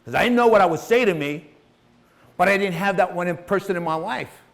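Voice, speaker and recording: Brief: middle-aged male entrepreneur, somewhat high voice, raw profane motivational storytelling. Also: animated, fairly quick, fairly bright tone. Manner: emotional, profane, acts out voices in his story. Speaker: entrepreneur telling his life story.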